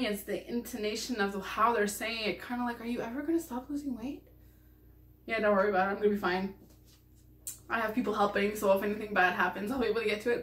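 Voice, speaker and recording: A woman's voice: mid-range voice, a bit bright. A young woman vlogger talking casually to camera, chatty and rambling with lots of fillers. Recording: echoey room.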